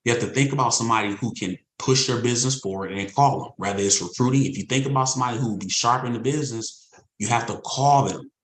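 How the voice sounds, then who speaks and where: A man's voice: mid-range voice, quick pace, reverberant, low-quality recording. A man leading an insurance sales team in a motivational talk, speaking in a conversational, emphatic way and repeating his points. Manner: repetitive, emphatic, conversational preaching.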